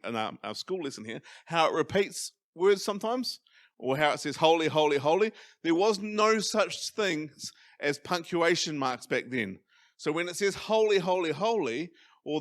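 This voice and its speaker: A New Zealand-accented man delivers a church sermon, with a voice of middling pitch. He leans hard on key words, then drops to soft, quiet asides. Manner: emphatic, swinging from loud stresses to quiet asides. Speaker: pastor. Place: church hall.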